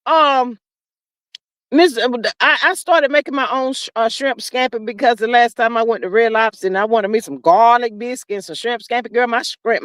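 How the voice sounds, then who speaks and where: A woman's voice: fairly high pitch, fairly bright tone, dry recording. A woman hosting a live stream, chatting casually and reading out comments in a sassy, folksy way, calling listeners child and honey. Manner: drawn-out fillers, laughs often.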